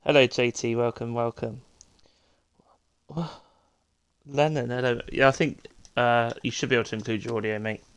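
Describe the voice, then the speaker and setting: A man's voice: mid-range voice, fairly even intonation, normal speed, fairly bright tone, clear, resonant tone. A British man hosting a live racing stream, chatting casually and bantering with his viewers before the show starts. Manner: chatty, banters with viewers, greets people constantly. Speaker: stream host and commentator.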